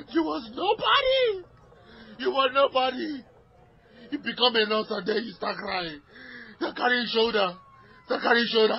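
A man with a Nigerian accent, furious and repeating himself on an emergency call. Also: high voice. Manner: agitated, shouting, repeating himself. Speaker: caller. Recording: muffled archival emergency call audio.

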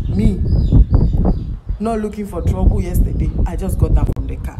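A young woman tells a story in a casual vlog, animated and indignant, and she swears freely. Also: on the low side. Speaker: vlogger. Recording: clear background noise.

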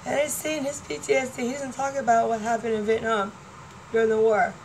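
A woman's voice: a little high, level tone, brisk, a little mellow, slight background noise, rough recording. Rambling, laughing woman in her forties. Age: 40s. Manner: chatty, laughing, jumps between topics. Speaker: vlogger. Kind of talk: rambling casual chat to fans.

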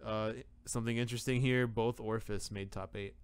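A man's voice: on the low side, fairly even intonation, moderate pace, clear, resonant tone, no echo. A man co-hosting a card game podcast, matter-of-factly reading out tournament results. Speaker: podcast co-host. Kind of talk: casual podcast chat.

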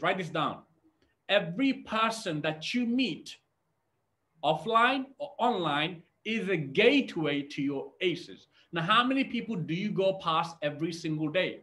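A man's voice: high-pitched, fairly bright tone. A man giving a motivational network marketing training, energetically addressing his audience directly.

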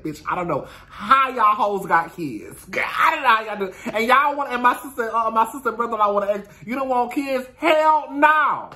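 A man in his thirties gossips with his viewers in a sassy, animated way, swearing freely and calling everyone "girl" and "honey". His voice sits a little high for a man and swoops up and down with lively intonation. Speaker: host of his own talk stream. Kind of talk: casual storytelling to viewers.

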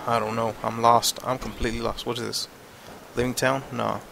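A man's voice: medium pitch, little pitch movement, brisk, gravelly, a bit bright, slight background noise. A man giving casual, frustrated commentary over his gameplay, swearing and thinking aloud. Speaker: let's play gamer.

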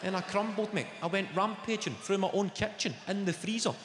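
Scottish male stand-up, brash and sweary, fairly high voice, live echoey theatre sound. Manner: brash, sweary storytelling with rapid food lists. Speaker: stand-up comedian. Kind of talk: stand-up routine. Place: large theatre stage. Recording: echoey live hall with loud room ambience.

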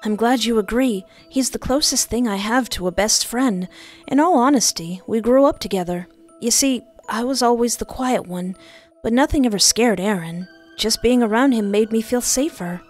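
A woman voicing a timid, easily scared young man for a game playthrough, nervous and soft-spoken. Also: extremely high pitch, moderate pace, soft background music. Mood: earnest.

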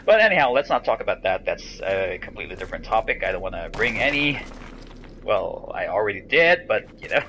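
A young man hosting a let's play, joking and breaking into loud exclamations as he plays. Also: fairly low pitch, big pitch swings, a little fast, slight background noise. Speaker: gaming channel host. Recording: game music playing behind.

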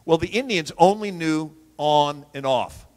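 A man telling history stories as an animated storyteller, swinging from loud to hushed and laughing at his own jokes. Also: fairly high pitch, a little slow. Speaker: historian and radio host. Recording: long hall reverb.

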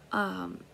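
A woman's voice: medium pitch, vocal fry, pushed and bright, slight background noise. A middle-aged woman giving a casual, rambling tarot reading, swearing freely and laughing at herself. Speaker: tarot reader.

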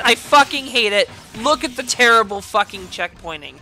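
A woman hosting a gaming video, giving loud, furious gameplay commentary full of swearing. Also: fairly high pitch, animated, normal speed, soft background music.

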